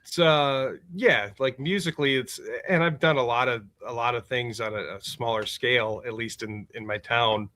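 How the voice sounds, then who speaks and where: A man on a podcast as a musician guest, telling a story in a loose, animated way, laughing often and swearing freely. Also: medium pitch, moderate pace, hardly any pauses. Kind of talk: casual storytelling chat. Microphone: remote call setup.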